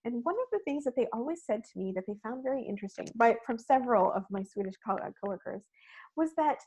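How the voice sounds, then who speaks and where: A woman's voice: fairly high pitch, fast, husky, poor audio. A middle-aged woman, giving a storytelling webinar talk and acting out quoted lines, recorded on a video call mic. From Canada. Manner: animated, acts out quoted lines, drops to soft tones in sad moments. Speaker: webinar speaker.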